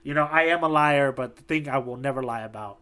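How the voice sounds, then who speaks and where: Proud young male liar, earnest and low-key, voiced by a man, bright and forward. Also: fast talker, clean tone, natural voice. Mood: defiant.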